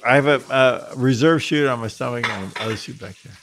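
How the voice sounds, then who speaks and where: A man with a middle-pitched voice tells a personal story in a relaxed, conversational way. He talks animatedly and often restarts his sentences. A faint hiss sits behind him. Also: a little fast. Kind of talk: casual spoken anecdote.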